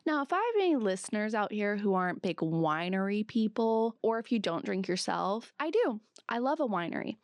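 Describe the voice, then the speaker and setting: Valley-accented woman with heavy vocal fry. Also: medium pitch, moderate pace, hardly any pauses, no room sound. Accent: Southern California Valley. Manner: chatty and animated, swears freely, jumps between asides. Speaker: podcast host. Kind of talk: solo casual podcast recap.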